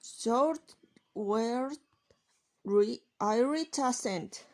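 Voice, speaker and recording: A woman slowly reading out a presentation on accents, halting between words. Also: on the high side.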